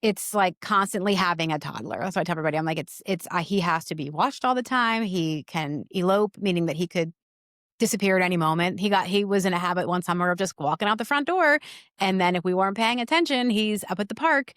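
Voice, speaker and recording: A woman in her forties, a mother talking earnestly in an interview, in quick bursts with many restarts. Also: fairly low pitch, a bit bright, dry recording, clean studio sound. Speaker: guest, mother. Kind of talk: conversational interview.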